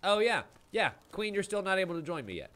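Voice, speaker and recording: A man commentating a live game stream, excitable and gushing, with frequent swearing. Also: sits high, fast. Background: game music.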